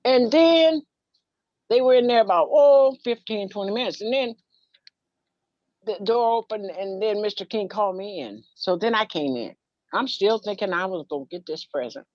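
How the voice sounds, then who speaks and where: Animated woman telling a childhood story. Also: medium pitch, moderate pace, no room sound. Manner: acts out childhood dialogue, sings a playground rhyme. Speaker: minister and storyteller guest. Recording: dull, dry, muffled sound.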